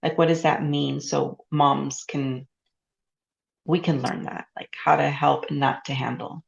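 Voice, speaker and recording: A woman hosts a casual interview, posing reflective questions and affirming her guest with frequent murmurs. Her low voice has vocal fry, a level tone and an unhurried pace. The highs in the recording are cut off.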